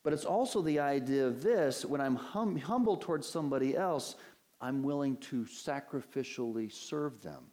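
Man, pastor, sermon at the pulpit, earnest, emphatic, rhetorical questions, mid-pitched voice. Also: animated, normal speed, darkish tone. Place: church sanctuary at a pulpit.

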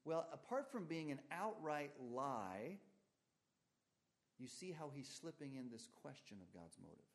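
A man preaching a sermon, reading aloud from scripture and explaining it with strong swings in pitch and loudness. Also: lively intonation, slow. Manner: emphatic, rises and falls sharply in pitch and volume.

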